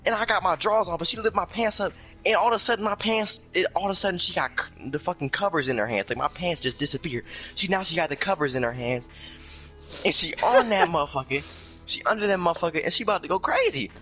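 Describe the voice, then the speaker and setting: A young man spins a casual story with loads of profane slang, his voice bright and cutting. He talks a touch high and leaps way up when he quotes himself. Faint music plays underneath. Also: animated, fast talker. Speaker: storyteller guest.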